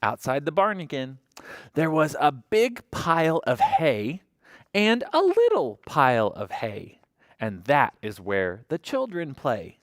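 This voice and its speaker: A children's librarian reads a picture book to toddlers in a slow, unhurried way, with a voice that leaps from low to very high on every line. The delivery is sing-song, full of animal noises and questions for the little listeners. The sound is dry and close. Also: wildly swooping pitch, no room sound.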